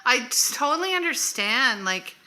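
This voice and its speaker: A woman co-hosting a casual makeup chat, a lively storyteller who adds details and wry asides. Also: sits high, moderate pace, crowd noise, rough recording. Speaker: co-host.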